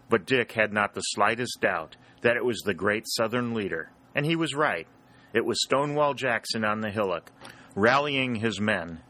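A male narrator reads a war adventure aloud in a steady, dramatic way. His voice sits fairly low. The tone is bright and pressed, with a forceful edge. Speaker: audiobook narrator. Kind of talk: scripted narration.

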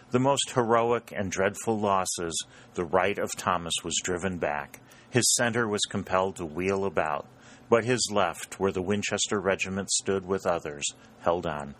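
A man with a very low voice reads a book aloud as its narrator. His delivery is steady and measured, keeping an even storytelling pace from line to line. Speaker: audiobook narrator. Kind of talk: scripted narration of a historical war novel.

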